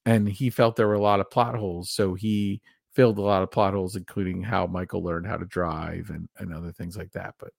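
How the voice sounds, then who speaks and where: A man's voice: low-pitched, steady tone, fairly quick, vocal fry, few pauses, no room sound, clean studio sound. A man co-hosting a casual horror film podcast, talking with enthusiasm and rambling through trivia. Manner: enthusiastic, rambling, reads passages aloud. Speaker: podcast co-host.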